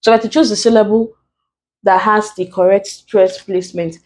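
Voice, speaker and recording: A woman from Nigeria, speaking Nigerian English, works deliberately through exam answers one step at a time in an online lesson. Her voice is mid-range, with fairly even intonation.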